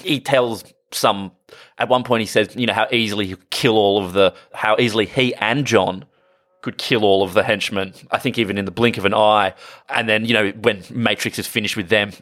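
A man co-hosting a casual film podcast, relaxed and amused, laughing easily as he recalls scenes. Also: on the low side. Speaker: podcast co-host.

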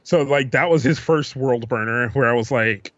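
A man's voice: medium pitch, normal speed, fairly bright tone, no room sound, dull audio. A man co-hosting a podcast, rambling through a profane, laid-back story in casual chat. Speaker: podcast co-host.

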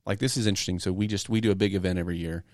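A man co-hosting a youth ministry podcast, telling stories in a relaxed casual chat. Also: sits low, rapid-fire, no echo, studio quality. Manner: relaxed storytelling, easy laughs. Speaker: podcast co-host, youth pastor.

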